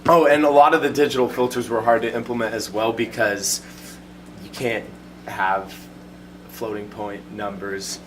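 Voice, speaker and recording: A man's voice: lowish voice, steady tone, moderate pace. Young man presenting, far from the mic. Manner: casual, hesitant, many fillers, chuckles at glitches. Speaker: student presenter. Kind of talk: class project presentation with live demo. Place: classroom. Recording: distant mic with clear background noise.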